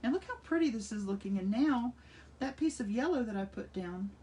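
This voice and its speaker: A woman's voice: a little high, expressive, fairly quick, mellow, recorded from a distance. Chatty older woman demonstrating collage. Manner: chatty and enthusiastic, thinking aloud while working. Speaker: art instructor. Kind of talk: casual craft demonstration. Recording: voice slightly off-mic with faint room noise.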